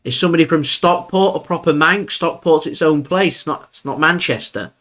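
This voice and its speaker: A man hosting a live football watchalong, chatting opinionatedly and breaking into excited play-by-play. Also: on the high side, fairly quick. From England. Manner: chatty, opinionated, bursts up for match action. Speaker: football fan channel host. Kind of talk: live match watchalong commentary.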